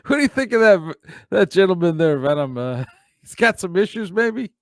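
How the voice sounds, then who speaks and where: A man's voice: sits high, animated, normal speed, no echo, studio quality. A man hosting a comedy morning show, teasing his co-host and chuckling often.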